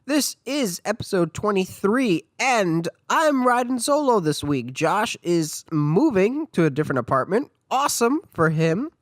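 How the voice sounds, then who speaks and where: A man's voice: high-pitched, very animated, measured pace, few pauses, no echo. A man with a congested voice, hosting a casual solo movie podcast and chatting with enthusiasm. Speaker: podcast host.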